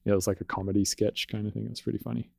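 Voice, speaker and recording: A fairly low-pitched man chats in a loose, rambling podcast style, swearing freely as he tells stories. His voice sits close on a studio mic in a dry, deadened room with almost no reverb. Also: level tone, rapid-fire, vocal fry, a little mellow, slightly rough. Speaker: electronic music producer. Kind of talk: casual podcast conversation.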